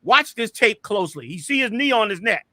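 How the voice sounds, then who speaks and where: A man with a high, sing-song voice hosts an online show, delivering heated, emphatic commentary over video clips. His tone is sharp and his pace brisk, and he repeats his points the way a preacher would.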